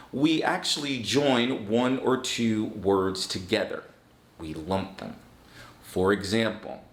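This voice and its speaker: A man giving an online English lesson, talking slowly and deliberately with firm emphasis. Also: on the low side, a bit bright, reverberant. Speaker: English teacher.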